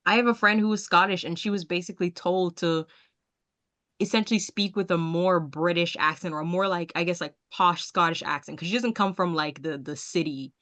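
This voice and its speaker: A woman from Jamaica with an American accent, hosting a casual interview and talking in an emphatic, animated way. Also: lowish voice, brisk. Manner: emphatic, animated, laughs often. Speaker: podcast host.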